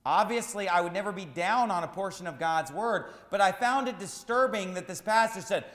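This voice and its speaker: A man's voice: high-pitched, moderate pace, few pauses. Fiery preaching man in an echoey hall. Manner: emphatic preaching, rising to shouts. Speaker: pastor. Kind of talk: sermon.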